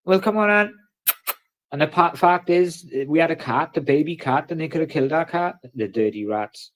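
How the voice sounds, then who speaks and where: A man's voice: fairly high pitch, moderate pace, fairly bright tone. A man hosting a casual livestream, ranting and swearing in between jokes. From Wales. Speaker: livestream host.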